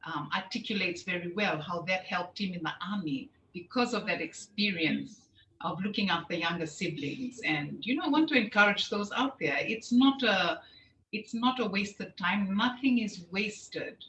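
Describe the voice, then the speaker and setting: A middle-aged woman from Fiji, a show host, telling her life story as an interview guest with lively storytelling. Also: medium pitch, normal speed. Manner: lively, animated storytelling with laughs. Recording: echoey room, faint background noise.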